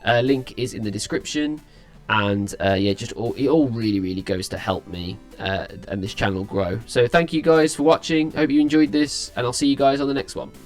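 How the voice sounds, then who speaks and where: A man's voice: medium pitch, moderate pace, faint music behind. A tired young man talks through his reaction to a song in a loose, rambling way. He stops and restarts often, keeping things casual and friendly as the channel's host. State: tired, yawning.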